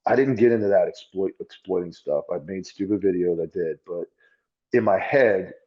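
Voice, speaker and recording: A man's voice: sits low, moderate pace, husky, lo-fi sound. A former police officer as a podcast guest, telling his story in a blunt, profane, self-critical way. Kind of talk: candid conversational storytelling.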